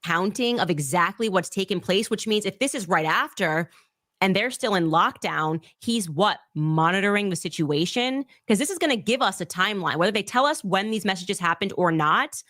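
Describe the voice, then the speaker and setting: A woman's voice: medium pitch, animated, moderate pace, no room sound. Woman commentator, mid-range voice, dry close sound, thinks aloud and restarts often. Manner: puzzled, thinking out loud with restarts. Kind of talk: reading messages aloud and analyzing them.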